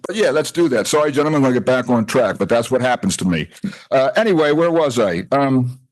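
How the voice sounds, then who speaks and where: A man's voice: mid-range voice, lively intonation, fast talker. An older man giving a loose, chatty talk at a retreat, joking and often wandering off his point. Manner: chatty, rambling, self-interrupting, jokey. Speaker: retreat speaker. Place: retreat house hall.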